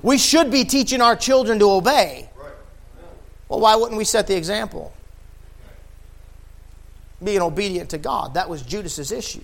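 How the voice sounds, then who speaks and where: A man preaching a sermon, building from quiet explanation to impassioned, near-shouted emphasis. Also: high voice, moderate pace, creaky, pauses often.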